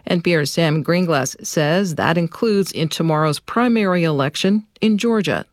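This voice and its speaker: A man reading national radio news headlines in a crisp, formal way. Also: fairly high pitch, moderate pace, dry recording, clean studio sound. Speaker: national newscaster.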